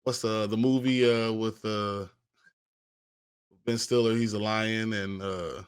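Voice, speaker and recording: A man co-hosting a podcast, chatting casually about a TV episode, often pausing to search for words. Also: fairly low pitch, fairly even intonation, clean tone, no room sound, clean studio sound. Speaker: podcast co-host. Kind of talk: casual recap chat.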